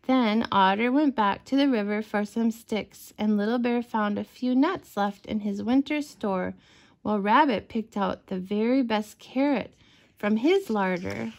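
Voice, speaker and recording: A woman reading a bedtime story aloud to children, gentle and expressive. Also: medium pitch.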